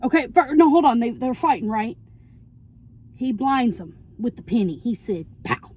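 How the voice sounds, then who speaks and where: A young woman vlogger in her parked car, recapping a movie plot in an animated, chatty way while she eats, and she keeps checking in with "okay?". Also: on the high side, normal speed, husky. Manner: talking while eating.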